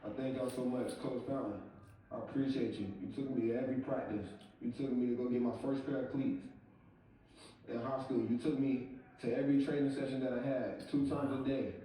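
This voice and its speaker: Young man, thankful acceptance speech, mellow tone, distant roomy broadcast sound. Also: mid-range voice. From southern US. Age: young adult. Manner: heartfelt, thankful, emotional address. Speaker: award winner. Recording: echoey hall from far off, broadcast.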